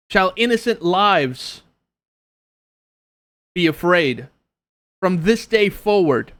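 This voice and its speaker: Guy doing a big righteous warrior lady, booming, old-timey and preachy, dead dry sound. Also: fairly bright tone, no room sound, full character voice. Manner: proclaiming, old-fashioned grand speech. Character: fierce righteous woman warrior, booming and grand.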